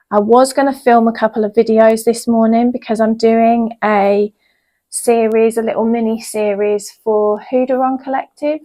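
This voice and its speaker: A woman's voice: on the high side, a little mellow, poor audio. A woman, a yoga teacher chatting casually in a home vlog, rambling with lots of ums. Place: at home in her yoga room.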